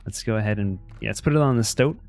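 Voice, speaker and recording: A man with a lowish voice streams a card game in easygoing commentary. He thinks aloud about his moves and greets chat casually. Faint music plays in the background. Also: fast talker, vocal fry, a little mellow, no room sound.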